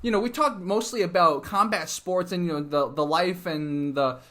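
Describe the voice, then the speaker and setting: High-pitched host guy, super upbeat, says "like" and "um" constantly, keeps restarting. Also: moderate pace, a bit bright. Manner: enthusiastic, heavy on "like" and "um", restarts. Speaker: podcast host, interviewer. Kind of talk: casual interview chat.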